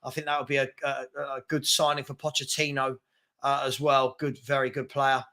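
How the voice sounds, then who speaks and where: A man's voice: mid-range voice, level tone, normal speed, sharp tone. A man hosting a live football fan stream, chatting loosely and reading out viewer comments, with plenty of fillers and restarts. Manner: rambling, with fillers and repeated words. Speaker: fan channel host.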